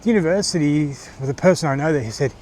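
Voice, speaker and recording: Aussie guy in his 40s rambling on from his car, kinda high voice, faint road hum behind. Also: a little mellow. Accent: Australian. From Australia. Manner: halting, many fillers and restarts. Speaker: vlogger. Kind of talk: casual rambling monologue.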